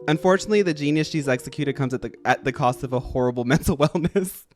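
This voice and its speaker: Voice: mid-range voice, fast talker, soft background music. A streamer chatting casually while playing a game, rambling and full of filler words. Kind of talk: casual gameplay chat.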